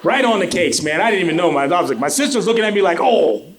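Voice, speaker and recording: A middle-aged man from Colorado Springs doing a stand-up comedy set on a club stage, telling animated stories full of "you know" fillers. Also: high voice, very fast, noisy background. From Colorado Springs, USA. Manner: animated storytelling, lots of fillers. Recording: live club with crowd laughter.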